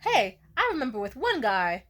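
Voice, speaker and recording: A woman's voice: fairly high pitch, wildly swooping pitch, moderate pace, a bit bright. A young woman telling a story to camera in a blunt, profane, casual way, often laughing. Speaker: vlogger.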